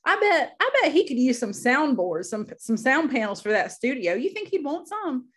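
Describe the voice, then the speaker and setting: A woman putting on her older father, a fussy but generous Southern man, in a deep Southern accent. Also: sing-song, normal speed, fairly bright tone, husky, heavily acted. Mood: insistent. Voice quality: drawling, emphatic.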